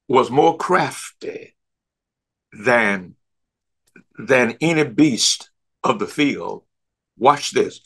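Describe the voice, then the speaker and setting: A man leads a church Bible study with a slightly husky voice and an unhurried delivery. His pitch rises and falls widely as he stretches out key words, repeats himself and restarts sentences. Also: sing-song, a bit bright. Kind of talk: teaching a Bible lesson.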